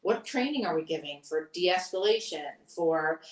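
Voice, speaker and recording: A woman's voice: on the low side, animated, moderate pace. A woman answering questions about school policy in an earnest, explanatory way, with frequent fillers. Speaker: school board candidate. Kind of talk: candidate forum answers. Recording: echoey room, voice from far off.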